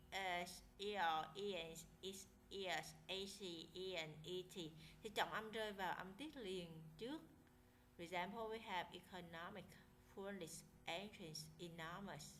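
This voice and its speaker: A woman with a Vietnamese accent leads an English lesson, patiently walking through the rules one at a time. Her voice is bright and forward. She drops into Vietnamese now and then to explain. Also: lowish voice, a little hiss or hum, low-quality recording. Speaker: English teacher. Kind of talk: classroom instruction, switching between English and Vietnamese.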